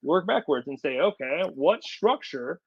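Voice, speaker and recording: A man with a somewhat high voice talks with energy as a podcast guest, repeating words to stress his points. The sound is dry and a little dull, with no room around it. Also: animated, a little slow, breathy edge, no echo. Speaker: podcast guest, company storyteller. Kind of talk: casual business interview.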